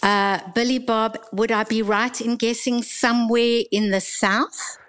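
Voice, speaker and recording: A woman's voice: fairly high pitch, fairly even intonation, a little slow, fairly bright tone. A woman with a South African accent, a podcast guest who laughs easily.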